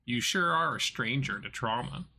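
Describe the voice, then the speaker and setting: A game master from southern North Carolina describes the scene for the players. The voice is bright and forward. The delivery halts often, with restarts and fillers. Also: medium pitch, animated, gravelly, slight background noise. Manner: halting, many restarts and fillers while describing. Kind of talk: narrating a tabletop game.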